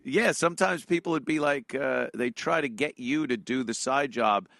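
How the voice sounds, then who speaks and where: A man's voice: medium pitch, normal speed, vocal fry, fairly bright tone, no echo, studio quality. A man hosting a podcast, chatting bluntly and profanely, laughing often. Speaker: podcast host. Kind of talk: casual podcast chat.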